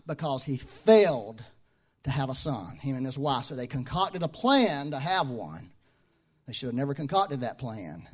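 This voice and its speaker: A man delivers a sermon as pastor in a conversational style. His voice sinks low and soft in reflective stretches, then rises loud and high for emphasis. He repeats key phrases to hammer them home.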